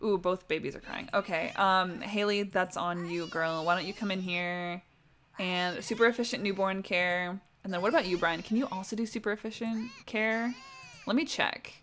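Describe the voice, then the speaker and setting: A woman's voice: medium pitch, steady tone, moderate pace, fairly bright tone, a little hiss or hum. Young woman, livestream host, chatty gameplay commentary, keeps talking to her game characters. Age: young adult.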